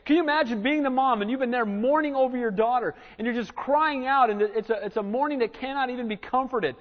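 A man preaching a sermon as pastor, animated and dramatic as he acts out Bible scenes in a church. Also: extremely high pitch, fast talker. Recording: reverberant church hall, dull lo-fi sound.

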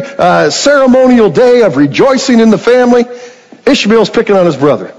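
A man's voice: on the high side, a little mellow, long reverb tail, lo-fi sound. A man preaching a sermon, retelling a story in a conversational way and asking the congregation rhetorical questions.

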